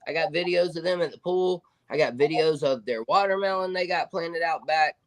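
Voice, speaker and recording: Upbeat man with a higher voice. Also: normal speed, rough recording. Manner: upbeat, hype, sign-off energy. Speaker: podcast co-host. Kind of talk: casual sports podcast chat.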